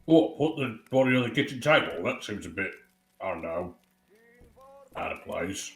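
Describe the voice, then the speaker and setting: A man's voice: lowish voice, expressive, moderate pace. Joking man in an echoey room. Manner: joking, offhand. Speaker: player.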